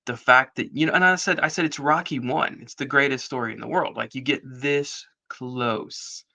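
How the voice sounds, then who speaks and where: A middle-aged man recounts a story as a podcast guest, slipping into other people's voices for quoted lines. His voice is bright and forceful, with a steady middle pitch. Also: moderate pace, creaky. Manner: animated storyteller, acts out quoted dialogue. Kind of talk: casual storytelling interview.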